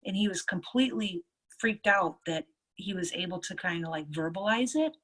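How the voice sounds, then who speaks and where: Animated woman nurse telling stories. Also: lowish voice, moderate pace. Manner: lively storyteller, acts out others' lines. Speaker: nurse and EFT tapping practitioner. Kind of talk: casual storytelling interview.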